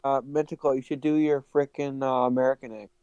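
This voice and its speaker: A man's voice: medium pitch, level tone, brisk, darkish tone, smooth, dry recording, dull audio. A man teasing and joking in casual podcast chat. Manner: teasing, jokey.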